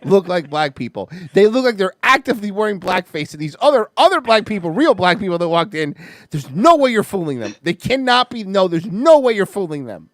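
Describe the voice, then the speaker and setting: Animated podcast host riffing on a clip; swoopy delivery, dry close mic. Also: medium pitch, brisk, no echo. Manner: animated, rambling, laughs a lot, swings loud and soft. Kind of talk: casual commentary on a clip, with swearing.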